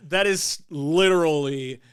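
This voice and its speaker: A man co-hosts a casual review podcast, his voice sitting a little high and coming through smooth and clean. He talks with animated, loose energy and swears freely. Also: measured pace. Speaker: podcast co-host.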